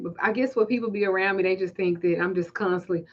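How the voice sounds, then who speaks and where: On a lo-fi recording, a Southern-accented woman who works as a spiritual reader talks fast with hardly any pauses while hosting a casual livestream. Her mid-range voice stays fairly even in intonation as she tells stories full of laughing, profane, loose banter.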